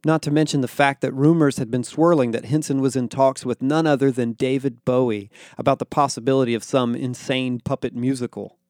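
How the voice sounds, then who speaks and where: A man tells this story in a dry, wry voice, close to the mic in a dead room. He moves through the narration evenly and breaks into quick character voices for the dialogue. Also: mid-range voice, steady tone, a little mellow, no room sound. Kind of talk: audiobook-style fiction narration.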